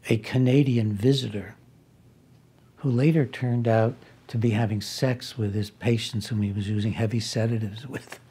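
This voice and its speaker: Very husky man telling a story. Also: medium pitch, dark tone. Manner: anecdotal, with wry asides and restarts. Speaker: speaker recounting a personal conflict. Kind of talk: conversational storytelling.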